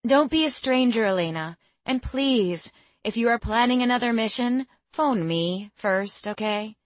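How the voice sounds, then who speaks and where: A kind, motherly middle-aged woman, as a woman narrator puts her on. She speaks warmly and teasingly, raised in pitch over the narration. The sound is close and dry, as in an audiobook. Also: expressive, unhurried, no room sound. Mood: affectionate. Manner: warm, teasing.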